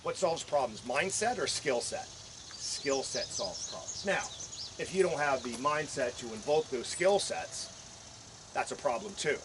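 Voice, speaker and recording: A male instructor lectures a class at an outdoor shooting range in a loose, joking way, swearing freely and tossing questions to the group. His voice sits at an ordinary middle pitch for a man. The recording is noisy, with clear outdoor sound running underneath him. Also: lively intonation, moderate pace. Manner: joking, profane, quizzes the class. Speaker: firearms instructor.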